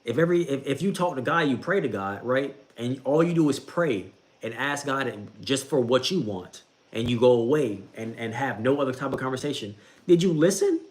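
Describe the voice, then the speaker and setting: Talking a little fast with lively intonation, a young Bible-reading streamer of medium pitch chats casually about faith. He circles back to the same points, addresses the listener as bro again and again and laughs at his own humor.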